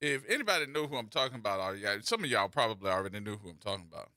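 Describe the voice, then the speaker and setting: A man's voice: lowish voice, sing-song, racing, bright, forceful tone, no room sound. A man hosting a radio talk show, teasing and telling stories in a playful way.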